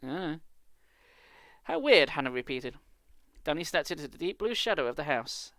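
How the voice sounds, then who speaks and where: A man's voice: fairly high pitch, animated, brisk, a bit bright, dry recording. Sarcastic British man reading aloud. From Britain. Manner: dry, sarcastic asides. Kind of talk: live book reading with asides.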